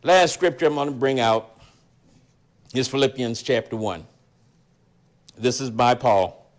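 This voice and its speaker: A man teaching a Bible study sermon in a deliberate, emphatic way, repeating his key lines. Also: mid-range voice.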